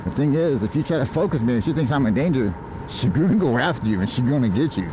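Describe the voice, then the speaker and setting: A man's voice: mid-range voice, expressive, fast, dull audio, noisy background. An American man livestreaming outdoors, chatting casually in a rambling, profane way and laughing often. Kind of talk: casual live-stream chat. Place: outdoors in traffic on a bike.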